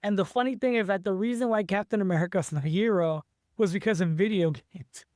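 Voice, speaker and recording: Eager high-voiced man rambling with restarts. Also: brisk, a little mellow, no echo, clean studio sound. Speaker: author being interviewed. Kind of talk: casual interview chat.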